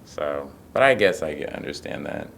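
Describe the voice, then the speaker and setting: A man chatting as an interview guest, animated and telling stories with lots of energy. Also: very deep voice, normal speed, creaky, slight background noise. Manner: animated storyteller who acts out quotes. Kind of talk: casual interview chat.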